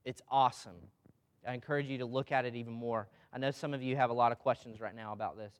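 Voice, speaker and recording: A man's voice: medium pitch, steady tone, fast, clean tone. A man preaching a sermon in a loose, conversational way, often putting questions to the congregation.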